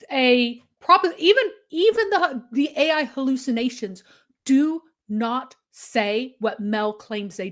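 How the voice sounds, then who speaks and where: A woman commenting on a livestream discussion, emphatic, listing her points one after another. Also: sits high. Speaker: guest commentator.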